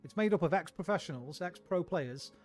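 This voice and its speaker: A young man chatting as he plays a game on stream. His voice sits a little high, and he rants with plenty of swearing in a loose, casual way. Soft music plays under him. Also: lively intonation, brisk. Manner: sweary, ranting. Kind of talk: casual gameplay chat.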